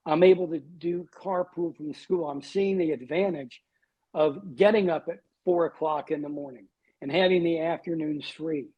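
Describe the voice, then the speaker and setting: Older guy in his 60s, a bit husky and higher voiced, dry self-mocking stories, dull lo-fi sound. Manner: wry, self-deprecating storyteller. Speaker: guest, TV weatherman. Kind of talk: storytelling in a podcast interview.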